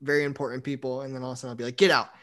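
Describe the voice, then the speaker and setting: A young man in casual chat, telling animated stories and saying "like" often. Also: medium pitch, rapid-fire. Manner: animated storyteller, acts out quotes, says "like" a lot. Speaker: university staff member.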